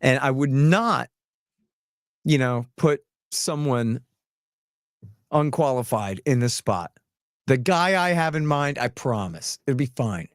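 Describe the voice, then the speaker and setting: A man hosting a podcast, chatting casually and telling animated, chuckling stories. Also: medium pitch, takes it slowly, long pauses, dry recording, clean studio sound. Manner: animated, chuckling, repeats phrases. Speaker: podcast host. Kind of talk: casual chat, anecdotal storytelling.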